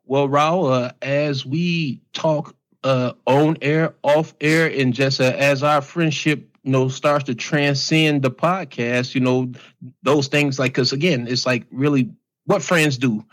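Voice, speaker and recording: A man in his late forties co-hosts a podcast in easygoing conversation. His speech is earnest and colloquial. He fills the gaps with steady "you know"s. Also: medium pitch, takes it slowly, low-quality recording. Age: 40s. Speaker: podcast co-host. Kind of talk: casual conversation.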